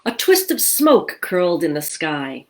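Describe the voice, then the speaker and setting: Slow, expressive woman reading a story. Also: lowish voice, noisy background. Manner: slow, expressive, asks the children questions. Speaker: children's librarian. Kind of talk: storytime read-aloud.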